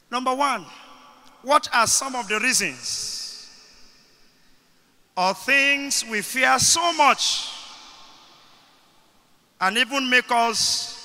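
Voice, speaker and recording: Nigerian man, bishop preaching, very high bright voice, slow deliberate delivery, bursts into shouting, echoey church hall. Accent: Nigerian English. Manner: preaching with sudden shouted declarations. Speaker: bishop leading a Bible study. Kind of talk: sermon.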